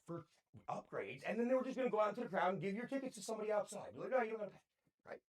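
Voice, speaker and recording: A man in his thirties chats on a podcast in a high, lively voice that leaps up and down as he gets worked up. He spins his stories with a steady stream of slang and casual swearing. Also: rapid-fire. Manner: excitable storyteller, heavy slang and swearing. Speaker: podcast co-host. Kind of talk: casual chat.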